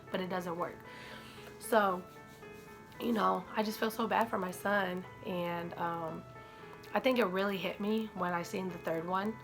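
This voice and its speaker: A young woman speaking to her viewers as a mother, halting and tearful, with many ums and likes as she holds back tears. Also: medium pitch, faint music behind. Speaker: mother vlogger. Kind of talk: emotional personal vlog to viewers.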